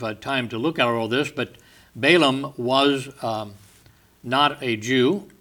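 Bright-voiced man teaching scripture. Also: mid-range voice. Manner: reads scripture aloud with rising emphasis, retells stories in casual asides. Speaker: Bible teacher. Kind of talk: sermon.

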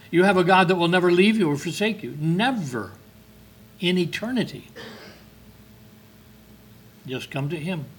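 A high-sitting male voice with lively intonation preaches at a measured pace, leaving long pauses, with a little hiss or hum in the background. His conversational sermon includes rhetorical questions, emphatic lifts, and King James scripture read aloud.

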